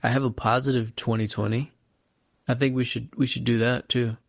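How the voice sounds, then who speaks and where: A man co-hosting a podcast in casual comedic chat, tipsy and playful with deadpan teasing. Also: medium pitch, normal speed, no echo, studio quality.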